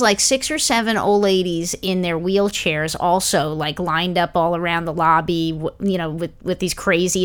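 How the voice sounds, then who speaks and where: A woman's voice: lowish voice, clean tone. A woman in casual chat, telling a story in a wry, descriptive way.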